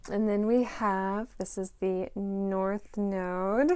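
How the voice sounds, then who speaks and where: A woman giving a spoken intuitive reading to parents, gentle and reflective, musing aloud with fillers. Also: mid-range voice, steady tone, slow pace, clear, resonant tone, dry recording. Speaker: intuitive reader.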